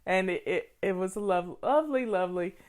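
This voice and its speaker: A woman's voice: mid-range voice, a little fast, a little mellow. An older woman from Tennessee with a Southern accent, a home organizing host chatting casually and telling stories in a folksy way. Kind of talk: casual chat.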